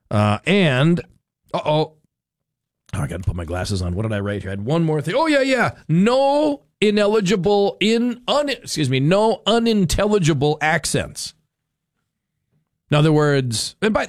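A man's voice: on the high side, no echo, studio quality. A man hosting a radio talk show, chatting in a rambling, opinionated way full of fillers and restarts.

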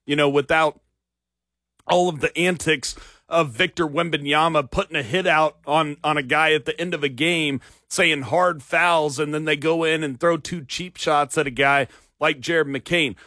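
Slightly hoarse sports radio host. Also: male voice, fairly high pitch, fairly bright tone, dry recording, clean studio sound. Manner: conversational, opinionated, many you-knows. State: losing his voice. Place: radio studio.

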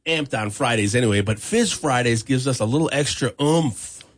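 A man's voice: medium pitch, normal speed. A man hosting a morning radio show, chatty and upbeat, often laughing. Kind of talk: casual radio banter. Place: radio studio.

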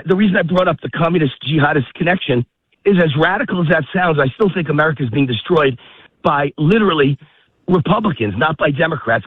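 A man calls in while walking outdoors, audibly out of breath. His voice is high and husky, squeezed through a dry, tinny phone line. He talks in an emphatic, repetitive barrage. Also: no room sound. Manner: emphatic, rapid-fire and repetitive. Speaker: call-in guest. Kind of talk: heated political phone interview. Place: outdoors walking a dog in a park.

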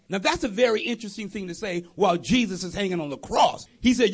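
High, gravelly male preacher. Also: fast, few pauses. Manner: animated storytelling with voiced characters and chuckles. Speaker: pastor. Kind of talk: sermon.

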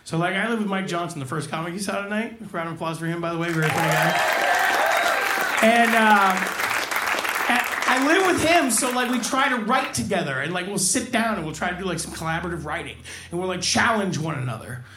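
A young man with a high voice rambles through a self-deprecating stand-up set, packed with fillers. He is heard in an echoey club over a loud crowd and heavy noise. It sounds like a live room recording. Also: expressive, a little fast. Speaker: stand-up comedian.

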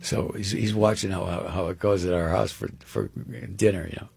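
A man telling a long anecdote on a radio show in an animated, rambling way, often repeating words. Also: low voice, moderate pace, creaky, husky. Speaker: guest storyteller.

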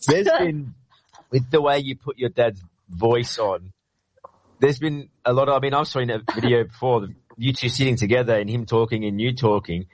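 A man hosting an interview who asks halting questions and restarts them. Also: mid-range voice, no echo, rough recording. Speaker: interview host. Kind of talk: casual interview chat.

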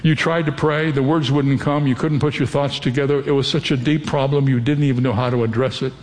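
Speaking as a pastor, an older man gives an earnest, direct sermon and often puts questions to his listeners. His medium-pitched voice is steady, brisk, and somewhat dark, with long hall reverb on the recording.

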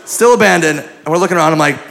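A man telling a crude, self-mocking story as a stand-up comedian, animated and loose, recorded live in a comedy club. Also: a little high, fast talker, creaky.

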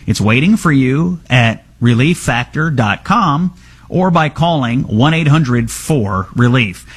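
A man's voice: on the high side, a bit bright, slightly rough. A man hosting a political talk radio show, giving commentary and reading an ad in a confident, conversational way.

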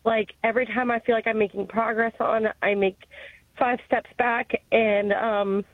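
A woman's voice: fairly high pitch, steady tone, moderate pace, dry recording. A woman in her thirties calling a radio show, hesitant and emotional, full of "like" and "um". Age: 30s. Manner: hesitant, emotional, filler-heavy. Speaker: caller. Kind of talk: phone call to a radio show. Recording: tinny phone line.

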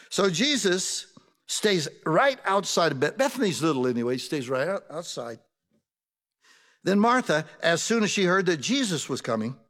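High-voiced preacher in a reverberant hall. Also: male voice, a bit bright. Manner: conversational, asks the congregation rhetorical questions. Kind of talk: sermon. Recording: long reverb of a large hall.

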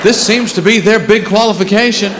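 A man's voice: high-pitched, brisk, heavy background noise. A man doing a dry, observational stand-up routine on a club stage. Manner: wry, dry observational joking. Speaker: stand-up comedian. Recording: live club, crowd laughter.

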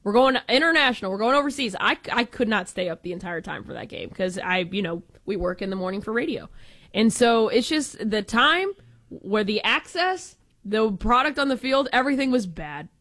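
A woman from Texas co-hosting a sports talk show, animated and emphatic, with playful jokes. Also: fairly high pitch, normal speed. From Texas, United States. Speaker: sports radio co-host.

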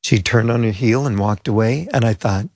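Older American-born man, pastor, rambling anecdotes, husky voice, dry sound. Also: lowish voice, moderate pace, a little mellow, no echo. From United States. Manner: chatty, rambling anecdotes with asides. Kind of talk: storytelling interview guest.

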